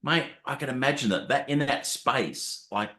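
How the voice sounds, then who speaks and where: A man's voice: mid-range voice, animated, normal speed, sharp tone, echoey room. A man hosting a casual interview, chatty and matey, calling his guest "mate". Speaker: podcast host.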